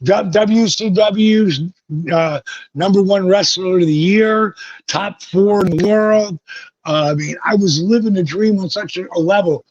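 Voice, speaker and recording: A man with a fairly high, husky voice tells wild stories in an interview, swearing freely and jumping into the voices of the people he quotes. The sound is dry and close, with a dull, lo-fi edge. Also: a little slow, no room sound. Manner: vivid, profane storytelling that acts out quoted voices. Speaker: guest, former pro wrestler. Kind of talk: animated storytelling interview. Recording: dull lo-fi recording.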